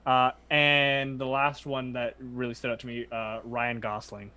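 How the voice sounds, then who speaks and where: A man's voice: medium pitch, level tone, unhurried, sharp tone, clear, resonant tone. A man in a casual podcast chat who jokes, teases his friends and swears offhandedly. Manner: joking, teasing, swears casually. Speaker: podcast co-host.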